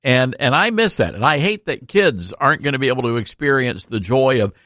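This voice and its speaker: A man hosting call-in talk radio, giving blunt, heated opinions. His pitch rises and falls freely. The studio sound is close and dry. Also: very animated, brisk, fairly bright tone, no room sound. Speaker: radio talk show host.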